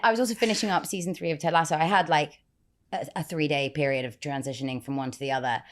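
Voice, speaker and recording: A woman's voice: low voice, fast. A woman with an English accent chatting in an interview about learning accents, talking animatedly and swearing now and then. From England. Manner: animated, talks with her hands about accents, swears casually. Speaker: guest actor. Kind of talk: casual interview chat.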